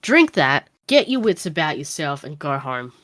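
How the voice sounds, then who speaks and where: A woman's voice: low voice, big pitch swings, moderate pace, fairly bright tone. A woman voicing a scornful older male bartender who scolds and warns strangers in a tabletop game. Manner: scolding, exasperated, sarcastic.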